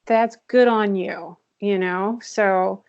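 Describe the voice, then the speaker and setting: A woman's voice: mid-range voice, steady tone, slow, a little mellow, smooth. A woman guest in a candid interview, talking earnestly and reflectively and laughing often, heard over a video call. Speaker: podcast guest, author. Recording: dull lo-fi call audio.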